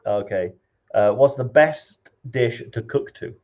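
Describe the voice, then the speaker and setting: A man from Wales co-hosting a casual video call chat, firing off quick quiz questions in a laid-back way. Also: medium pitch, darkish tone, muffled recording. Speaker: co-host.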